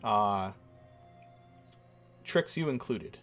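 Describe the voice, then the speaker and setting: A man narrating as dungeon master of a tabletop game, measured and full of uhs and ums. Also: lowish voice, expressive, fairly bright tone, soft background music. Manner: measured, with frequent uh and um.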